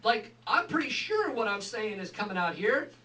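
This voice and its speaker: Guy doing stand-up, high voice, rambly and animated, far off mic in a roomy venue. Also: normal speed. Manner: animated, acts out quotes, rambling asides. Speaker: stand-up comedian. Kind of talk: stand-up storytelling. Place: live comedy venue. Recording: echoey room, far from mic, audience noise.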